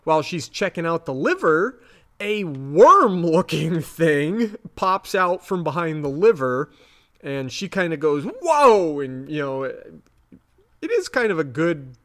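A man co-hosting a podcast, casually recapping a TV episode in an animated way and jumping up high when he is grossed out. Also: a little slow. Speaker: podcast co-host.

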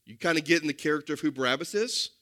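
A male pastor with a high, bright voice delivers a sermon. He speaks emphatically and keeps turning to the congregation with direct questions. His tone stays lively and forceful. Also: rapid-fire.

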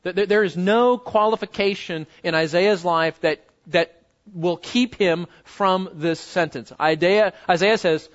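Male pastor, high-pitched, emphatic sermon delivery with dynamic drops, muffled lo-fi church recording. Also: a little slow. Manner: emphatic, rising and dropping to near murmurs, rhetorical questions. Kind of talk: expository sermon.

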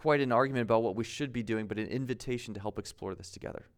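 Smooth-voiced male pastor preaching. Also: mid-range voice, racing. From United States. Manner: conversational, self-deprecating, laughs at himself. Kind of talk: sermon.

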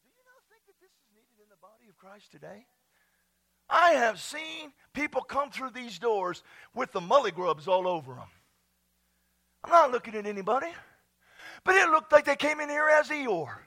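A male preacher delivers a charismatic sermon in a church, his voice very high with a gravelly rasp. His tone is bright and forceful. He swings between shouting, laughing and dropping almost to a whisper. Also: big pitch swings, moderate pace. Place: church sanctuary.

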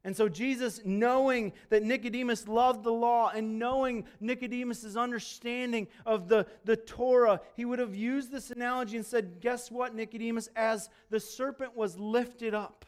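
A man preaching a sermon, talking to the congregation in a conversational way and swinging between emphatic loud peaks and hushed low asides. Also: steady tone, normal speed, hardly any pauses, clean tone. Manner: conversational, asks the congregation questions. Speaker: pastor.

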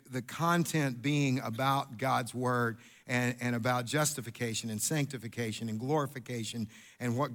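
A middle-aged man, preaching a sermon in an animated, storytelling way with asides and repeats. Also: on the high side. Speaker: pastor.

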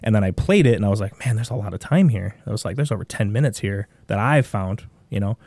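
Midwestern guy on a podcast, low mellow voice, rambling story, lots of restarts, dry close sound. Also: fast, no echo. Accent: Midwestern American. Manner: rambling, animated retelling with many restarts. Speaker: podcast guest, speedrunner. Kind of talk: casual storytelling.

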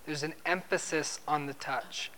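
A man's voice: a little high, fairly even intonation, measured pace, bright, forceful tone, a little hiss or hum. A man preaching an expository sermon in a conversational way, asking his listeners questions and repeating words when he stresses a point.

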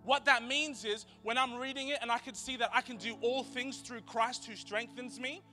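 A young man giving an energetic, chatty youth sermon as pastor, repeating key lines for emphasis. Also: extremely high pitch, moderate pace, soft background music.

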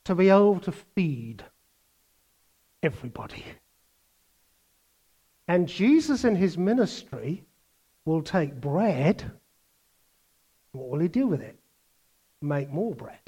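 An older man preaching a sermon, animated, swinging between loud bursts and quiet asides and mimicking other voices. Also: fairly high pitch, takes it slowly, pauses often, slightly rough.

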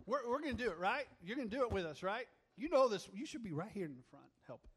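A man's voice: high voice, big pitch swings, fast talker, a bit bright, breathy edge. A man leading a church congregation, teaching them a song with upbeat, coaxing and teasing remarks. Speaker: worship leader. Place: church room with an audience.

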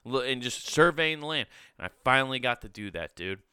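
A man's voice: mid-range voice, animated, a little fast, bright, forceful tone, smooth, dry recording. A man hosting a podcast, rambling enthusiastically in casual chat with lots of swearing. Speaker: podcast host.

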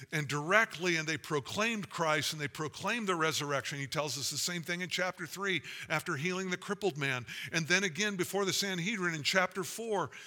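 A man's voice: high-pitched, bright, forceful tone. A man preaching a sermon as pastor, earnest and building to emphatic, rising passages. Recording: long hall reverb.

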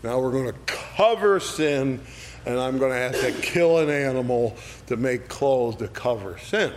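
A man with a medium-pitched, slightly slow voice leads an adult Bible study without a script, unpacking verses conversationally and frequently asking "all right?". He brings the passages alive by acting out quoted voices, over a noisy background.

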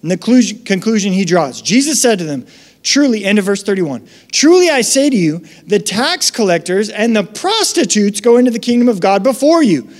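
A young man preaching a casual, animated sermon, chatting and acting out quotes in raised voices. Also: high voice, brisk. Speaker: pastor. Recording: long hall reverb.

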